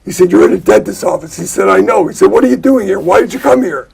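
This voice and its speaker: A man telling a string of dirty jokes in a deadpan talk-show manner, rattling through the punchlines. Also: high-pitched, fast talker, vocal fry, husky.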